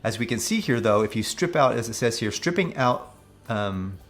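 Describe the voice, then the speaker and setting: A man's voice: medium pitch, animated, moderate pace, faint music behind. A man coaching on personal finance, talking casually and skeptically through news articles and reading figures aloud. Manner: mocking when quoting officials.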